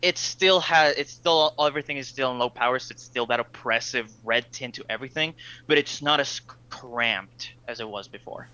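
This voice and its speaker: A man narrating as game master in a tabletop game, halting and filling gaps with fillers and restarts. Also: mid-range voice, sharp tone, clean tone, dull audio.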